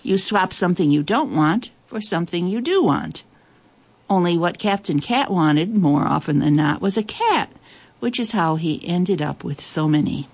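A woman reading a children's story aloud in a lively, expressive way, with playful asides. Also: on the low side, moderate pace, husky.

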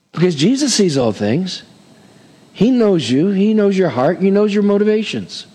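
A man preaches a sermon as pastor, his voice slightly high and swinging widely in pitch. He keeps it conversational, checking in with "amen?" and dropping light jokes. The sound rings with long reverb from a large hall. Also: a little mellow. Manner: conversational preaching with frequent "amen?" asides and humor.

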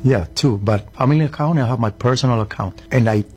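A man's voice: mid-range voice, fast, a little mellow, breathy edge, faint music behind, close to an everyday voice. A man in a played prank clip, pleading and swearing as he begs a friend for money. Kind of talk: prank phone call.

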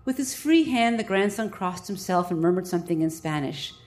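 A woman's voice: fairly low pitch, brisk, hardly any pauses. Wry woman doctor telling a story. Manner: lively, wry comic timing. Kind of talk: stage storytelling.

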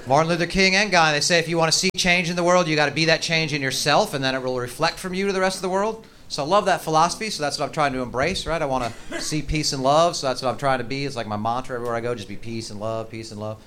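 Profane ranting stand-up comedian. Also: male voice, on the high side, rapid-fire, few pauses, pushed and bright. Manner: profane, ranting, mock-angry. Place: comedy stage. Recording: noisy live stage recording.

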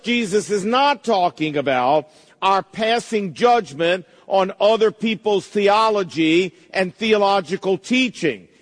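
A man's voice: high-pitched, long reverb tail. A man preaching a sermon, quoting scripture with emphatic delivery and addressing his congregation directly. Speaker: pastor.

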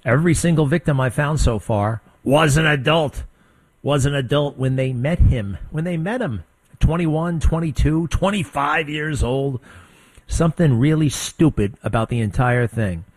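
Blunt, combative talk radio host. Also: male voice, on the high side, moderate pace, no echo. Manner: blunt, combative, rambling with restarts. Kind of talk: opinionated talk radio monologue.

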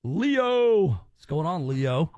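A male radio host with a high voice, joking and teasing his callers. He rambles in loose, casual banter and keeps the show moving. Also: very animated, very slow, darkish tone, no echo, lo-fi sound.

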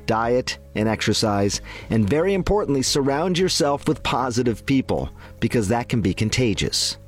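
A man, a doctor, delivers a scripted health segment with calm encouragement. His intonation rises and falls in a lively way, and soft music plays underneath. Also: medium pitch, moderate pace.

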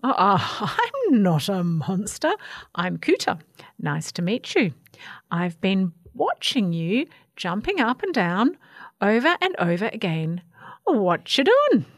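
A woman's voice: medium pitch, wildly swooping pitch, takes it slowly, no echo, clean studio sound, full character voice. A woman doing a bubbly clumsy coot. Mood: friendly. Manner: bubbly, hesitant, kindly. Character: friendly clumsy male coot, cheerful buddy.

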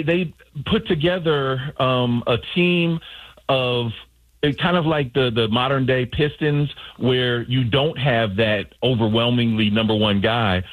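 A man, a sports writer, answering a radio host, halting and repeating words as he thinks. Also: mid-range voice, dry recording, rough recording.

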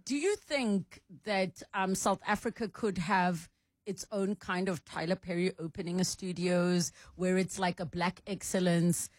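A woman's voice: fairly low pitch, measured pace, no room sound, clean studio sound. A woman hosting a casual chat, teasing and playful with her guest. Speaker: host.

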